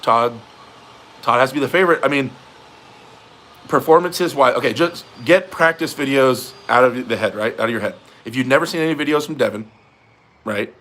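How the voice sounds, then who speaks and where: A man's voice: mid-range voice, moderate pace, long pauses, a bit bright. A young man hosting a casual livestream, reading viewer comments in a laid-back way, laughing often and swearing casually. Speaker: livestream host.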